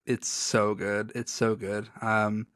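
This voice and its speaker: A podcast co-host chats casually, rambling and poking fun at himself, often breaking into laughter. His voice is on the low side, level and slow, and a bit bright. The recording is studio quality with no room sound.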